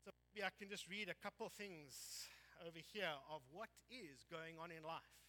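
A South African pastor giving an animated sermon, telling a story with lively energy. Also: male voice, a little high, moderate pace, long reverb tail.

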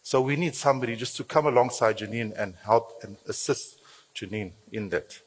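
A husky-voiced man of medium pitch preaches at a moderate pace, the church hall giving his words a long, ringing reverb. Mixing his sermon with announcements, he stays jokey and animated, dropping in playful asides.

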